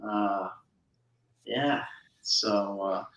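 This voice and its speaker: A man's voice: fairly low pitch, drawn-out words, a bit bright. A man from New Jersey chatting casually as a guest, rambling with many restarts. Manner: rambling, full of restarts and fillers. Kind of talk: casual chat. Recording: echoey room.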